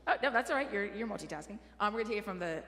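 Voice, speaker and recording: Rapid-fire and lively, a choir director with a mid-range, fairly bright voice gives casual, encouraging notes on diction and dynamics during a rehearsal in a church sanctuary. Music plays behind her in the roomy hall.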